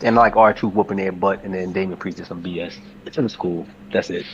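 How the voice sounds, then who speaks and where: A man co-hosting a casual chat, talking in an excitable, slangy way with many restarts, on a dull, lo-fi recording. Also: deep voice, brisk, slight background noise. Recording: dull lo-fi sound.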